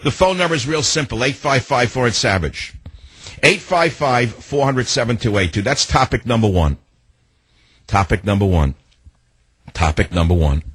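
An older man with a slightly husky voice hosts a call-in radio talk show. He rants with indignant emphasis and keeps throwing rhetorical questions at his listeners. The sound is dry and close. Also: medium pitch, expressive, normal speed, fairly bright tone, no room sound.

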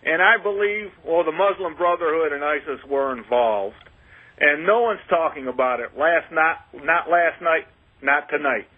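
An earnest male caller speaks haltingly over a tinny phone line. His voice sits fairly high. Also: lively intonation, breathy edge. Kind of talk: call-in on talk radio.

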